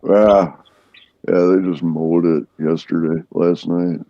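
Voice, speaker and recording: Man from central Wisconsin, very deep voice, mellow tone, muffled lo-fi call audio, laid-back chat. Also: steady tone, slow, dry recording. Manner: laid-back, swears casually. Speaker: stream guest on a call. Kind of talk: casual chat.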